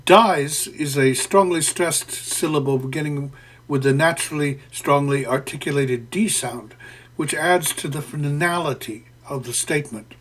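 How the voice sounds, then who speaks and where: A man talks through a poem line by line like a lecturer, in a somewhat high voice. He goes slowly and carefully, with plenty of "uh" pauses while he finds the right term. It has the measured feel of a prepared literature lesson. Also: fairly bright tone, husky. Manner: deliberate and professorial, with frequent "uh" fillers and self-corrections. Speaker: poetry lecturer. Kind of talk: spoken literary analysis.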